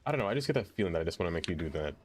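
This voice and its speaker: Faint music plays behind a man casually live-streaming a city builder, who laughs often, talks to viewers, and narrates to himself while building. He sounds low and husky, sing-song in intonation, and races along.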